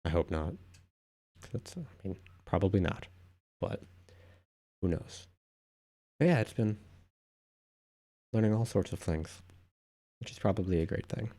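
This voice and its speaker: Low gravelly man chatting offhand. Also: a little slow, long pauses, mellow. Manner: rambling, offhand, with frequent asides. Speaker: livestream host. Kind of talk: casual live-stream chat reading viewer comments.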